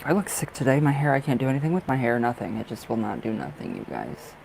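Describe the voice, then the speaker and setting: A young man chatting through a casual live tarot stream from a dark room at home, apologizing often, trailing off, and laughing to himself. His voice sits at an ordinary pitch, and a faint noise stays under everything. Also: very animated, fast, creaky, poor audio. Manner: chatty, easily distracted, frequent apologies and laughs. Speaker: livestream tarot reader.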